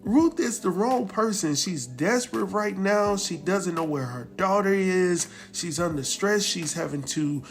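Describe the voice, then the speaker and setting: A man hosts a casual recap of a TV drama. He tells the story animatedly and acts out the characters' lines in a voice that sits a little on the high side. Faint music plays softly underneath. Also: measured pace, hardly any pauses. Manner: animated storytelling, acts out quotes, laughs often. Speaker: recap host.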